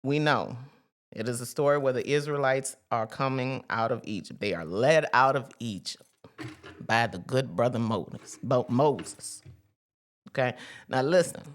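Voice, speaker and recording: A woman's voice: very deep voice, expressive, a little slow. A woman hosting a casual spiritual talk for her viewers, chatty and emphatic, with profanity and sudden whoops. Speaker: host.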